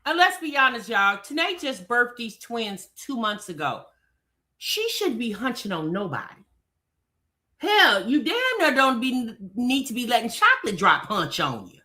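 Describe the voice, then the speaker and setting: A woman hosting a gossip commentary show, sassy and animated, talking straight to her chat. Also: on the high side, a little slow.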